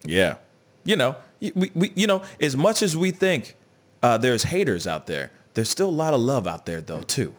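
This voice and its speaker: Animated man hosting a live news chat. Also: mid-range voice, moderate pace. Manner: animated, joking, greets viewers and reads chat aloud. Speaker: show host.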